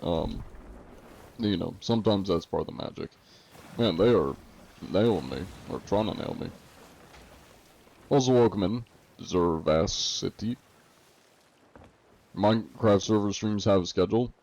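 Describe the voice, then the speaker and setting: A man's voice: deep voice, animated, unhurried, vocal fry, pauses often, darkish tone, muffled recording. A man streaming a game live from a room at home, chatting playfully and jokingly greeting his viewers by name. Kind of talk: casual live-stream chat.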